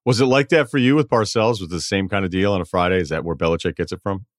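Guy hosting a podcast, rapid-fire questions, dry close sound. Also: deep voice, no echo. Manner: quick, probing questioner. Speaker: podcast host. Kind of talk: casual interview questions.

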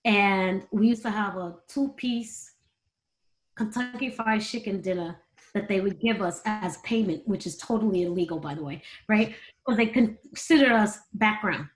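A middle-aged woman, a podcast guest, telling candid stories in an animated way and laughing between them. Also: medium pitch, moderate pace. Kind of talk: candid storytelling interview.

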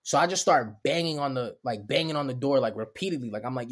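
A man's voice: medium pitch, fast talker, few pauses. Guy telling a crazy story, laughing a lot, doing all the voices. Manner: animated, laughs often, acts out quotes. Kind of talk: casual storytelling.

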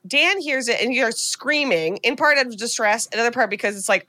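Bright-voiced woman podcaster, swears, laughs, dry close mic. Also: on the high side, a little fast, no echo. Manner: animated, swears and laughs while retelling scenes. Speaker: podcast host. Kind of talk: casual movie recap chat.

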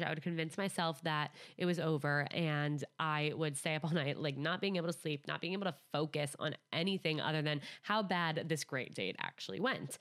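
A woman's voice: deep voice, fairly bright tone. A young woman hosting a podcast, chatting casually and upbeat with lots of "like". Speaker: podcast host.

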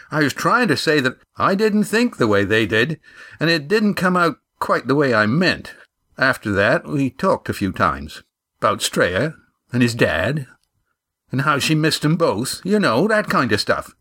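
A man reading a storybook, voicing a cheeky young lad who stowed away on a fishing boat and talks in a casual, rough way. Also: medium pitch, sing-song, measured pace, sharp tone, voice pushed up, full character voice. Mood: explaining.

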